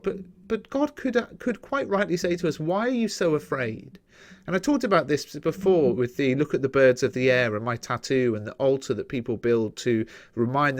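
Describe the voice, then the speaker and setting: Male teacher, English accent, chatty explanatory Bible study, mid pitch. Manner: conversational, explanatory, tags points with "okay?".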